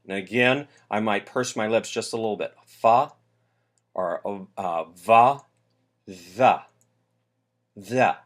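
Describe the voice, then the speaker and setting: American male voice coach, low-pitched, relaxed explainer with spoken sound demos. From United States. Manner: demonstrates sounds, relaxed with fillers. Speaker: voice teacher. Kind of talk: explaining singing diction.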